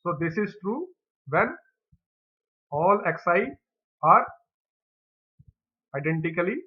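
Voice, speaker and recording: Male tutor, somewhat high voice, methodical step-by-step lecture, tinny phone-like audio. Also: slow pace. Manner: steady, methodical step-by-step explaining. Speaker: teacher. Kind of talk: exam problem lecture.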